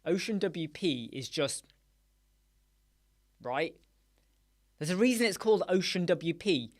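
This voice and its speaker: A man's voice: high voice, lively intonation, slow pace. A man chats with his viewers on a live stream in a loose, joking way. He riffs on silly wordplay and laughs easily between his answers. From United Kingdom. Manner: jokey, playful, riffs on words and laughs often. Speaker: live chat show host. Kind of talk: casual live-stream chat. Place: small dark room with soundproof panels.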